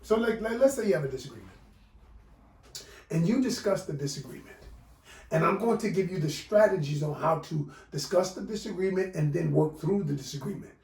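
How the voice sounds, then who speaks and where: A male relationship coach, giving an animated, preachy video lesson and calling his viewers "y'all.". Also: high-pitched, distant mic. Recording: roomy echo, voice off-mic.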